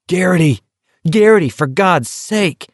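A desperate young man shouting at a friend who is about to fall, as a male narrator acts him out. His voice is raised and pushed higher, urgent and pleading. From an audiobook reading. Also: lively intonation, a little slow, slightly rough, dry recording, clean studio sound, full character voice.

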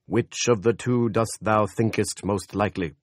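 A man voicing God in an audiobook, loud, slow and solemn, with old-fashioned speech. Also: lowish voice, steady tone, no echo, studio quality, voice pushed up, close to an everyday voice. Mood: commanding. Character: booming scolding male voice of God. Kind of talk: audiobook character voice.

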